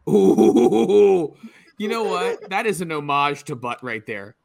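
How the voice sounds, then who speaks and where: Excitable man with a wildly lively voice. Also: fairly high pitch, normal speed. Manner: laughs often, excitable. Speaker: podcast host. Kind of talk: casual chat.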